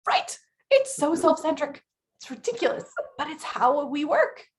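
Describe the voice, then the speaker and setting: A woman in her thirties co-hosting a casual chat, blunt and chatty with quick laughs. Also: high-pitched, big pitch swings. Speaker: podcast co-host.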